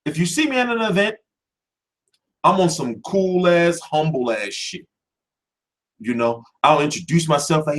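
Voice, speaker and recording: A brash male host rants about boxing coverage, swearing freely. His voice sits a little high and swings widely up and down as he talks. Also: moderate pace. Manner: brash and animated, swears constantly. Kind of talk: profane rant to camera.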